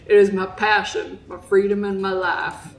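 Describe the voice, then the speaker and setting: A woman voicing a haunted old drunk sailor with a put-on Southern accent, telling his tale slowly and solemnly. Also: medium pitch, little pitch movement, creaky, close to an everyday voice. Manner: slow, solemn storytelling, breaking into giggles. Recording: roomy echo.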